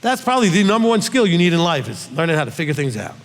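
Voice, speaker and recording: Middle-aged male teacher, emphatic Q&A delivery, slightly high voice, long hall reverb. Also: sing-song, very fast. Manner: emphatic, with frequent "okay?" check-ins. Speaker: rabbi teacher.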